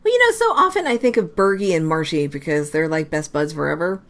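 A woman co-hosting a casual sports podcast, chatty with quick asides and frequent laughter. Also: deep voice, expressive, a bit bright. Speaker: podcast co-host. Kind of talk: casual hockey chat.

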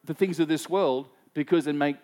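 At a moderate pace, a pastor whose voice is fairly high and a little mellow gives a chatty sermon. Personal anecdotes and questions aimed at the congregation fill his talk, along with many repeats and fillers.

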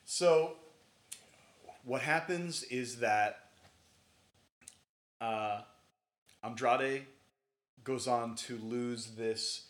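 A man's voice: mid-range voice, very slow, long pauses. A man hosting a podcast in casual chat, leading the talk and explaining storylines. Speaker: podcast host. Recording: echoey room.

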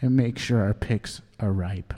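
A man plays a painfully earnest poet who takes his own verse far too seriously and gets choked up reading it. He talks slowly and haltingly, with a long reverb trailing his voice. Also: fairly low pitch, dark tone. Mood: solemn. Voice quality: halting, self-serious, hesitant delivery. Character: overly earnest, emotional male poet, easily choked up. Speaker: guest poet. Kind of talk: comedy sketch, dramatic poetry reading.

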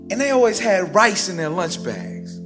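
A man performing a personal story live on stage, with a rhythmic, theatrical delivery that swings sharply in pitch and loudness. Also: very animated, normal speed. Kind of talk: live spoken-word storytelling. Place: stage before a live audience. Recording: live stage recording with music bed underneath.

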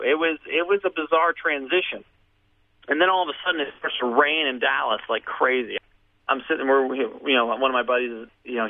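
A man's voice: mid-range voice, no room sound. Man telling a story over radio. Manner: animated, acts out quoted voices. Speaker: guest telling his story. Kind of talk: casual storytelling. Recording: phone-like radio audio.

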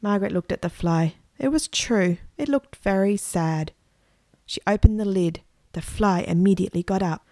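A woman reading a children's story aloud in a gentle, unhurried way. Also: medium pitch, no room sound, studio quality.

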